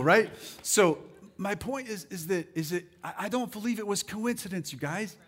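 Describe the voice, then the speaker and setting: Animated preaching man, slightly high voice. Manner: animated, rallies the crowd with "come on"; reads scripture slowly and deliberately. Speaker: pastor. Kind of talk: sermon.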